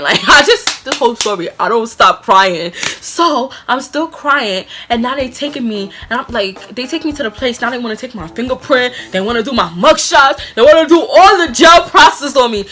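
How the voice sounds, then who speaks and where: A young woman from New tells a story to her camera in a high, sharp, bright voice. Her New carries a slangy, animated delivery. She leans on "like" as a filler in almost every phrase. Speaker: vlogger. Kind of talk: storytime vlog.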